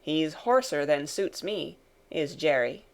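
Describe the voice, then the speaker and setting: A woman voicing a gruff, wary male coach guard who barks out challenges. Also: medium pitch, lively intonation, normal speed, lightly acted. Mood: suspicious. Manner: barking, challenging shouts.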